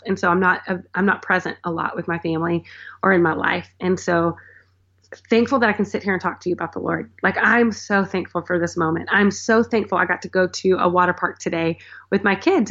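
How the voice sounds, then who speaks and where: A woman's voice: fairly low pitch, a bit bright. A woman in her thirties talking earnestly about her faith as a guest, rambling a little and saying "like" often. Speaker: podcast guest. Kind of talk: casual faith conversation. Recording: slightly dull lo-fi sound.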